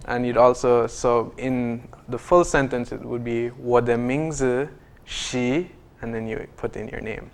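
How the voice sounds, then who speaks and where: Guy learning mandarin, gravelly voice, careful and measured explaining. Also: mid-range voice, steady tone. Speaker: Mandarin student. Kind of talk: casual talk show chat.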